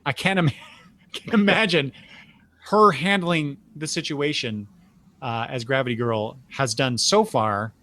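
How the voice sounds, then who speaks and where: A man's voice: mid-range voice, a little slow, pushed and bright. An older man hosting a podcast, recapping comic book scenes in a casual chat with frequent restarts and fillers. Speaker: podcast host.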